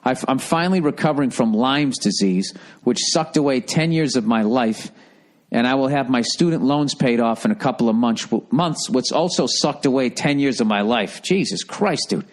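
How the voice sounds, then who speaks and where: Speaking at a moderate pace in a mid-range voice, a middle-aged man rants profanely in a rambling, comedic way. He's a comedian with a podcast, and he's sarcastic, lampooning people with put-on voices.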